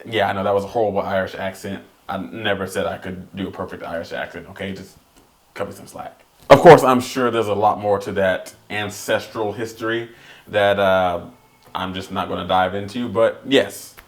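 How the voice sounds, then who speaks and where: Man, casual family vlogger; low voice, playful and self-mocking, talks viewers through it. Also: fairly even intonation, moderate pace, faint music behind. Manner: playful, self-deprecating, explanatory. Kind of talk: casual explainer to camera.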